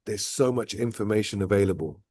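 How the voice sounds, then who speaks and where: A man chats at length as the host. His voice sits low and warm, and it sounds dry and close to the mic. He keeps circling back with "look" and "right?" as he shares his stories. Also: a little fast, slightly rough, dry recording. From outside Dubai. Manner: rambling, repeats "right?" and "look". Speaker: vlog host. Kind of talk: casual reflective chat.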